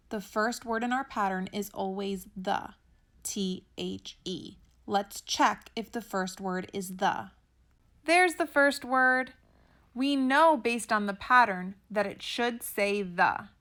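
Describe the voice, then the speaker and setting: A woman teaching an early reading lesson to preschoolers, speaking slowly and clearly with encouragement. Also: a little high, fairly bright tone. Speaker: pre-k teacher.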